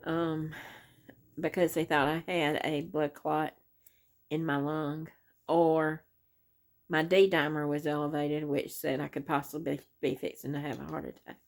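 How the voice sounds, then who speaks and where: A middle-aged woman, chatting casually on her crochet vlog and rambling through a story with many pauses and "anyway"s. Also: sits low, flat delivery, creaky. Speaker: crochet vlogger.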